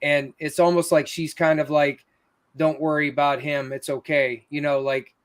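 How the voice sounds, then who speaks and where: Man, casual chat, earnest storyteller, slightly high voice. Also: flat delivery, moderate pace. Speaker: paranormal investigator.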